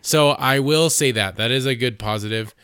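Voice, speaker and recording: A man's voice: mid-range voice, normal speed, pushed and bright, smooth, no echo, clean studio sound. A man co-hosting a casual movie review podcast, swearing freely and laughing at a bad film. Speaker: podcast co-host.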